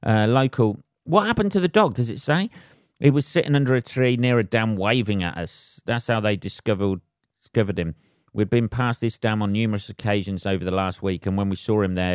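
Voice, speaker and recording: Brief: low-voiced male podcast host, sweary comic rant, dry close sound. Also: steady tone, fairly quick, a little mellow, dry recording. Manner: sweary, laughs at his own jokes, acts out voices. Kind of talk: solo comedic podcast rant.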